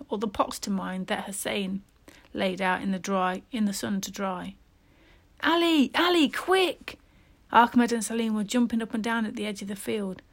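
A woman narrating a first-person children's story in a steady, expressive reading voice. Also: mid-range voice, vocal fry. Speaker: storybook reader.

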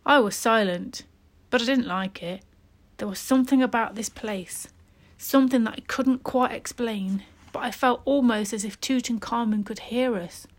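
A woman's voice: a little high, moderate pace. Woman reading a storybook aloud. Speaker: narrator. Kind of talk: storybook narration.

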